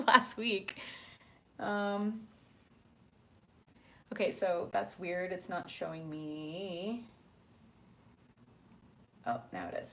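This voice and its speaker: A woman's voice: medium pitch, a bit bright. A woman hosting a casual livestream from her apartment, chatting with viewers and reading their comments aloud with lots of ums. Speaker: livestream host.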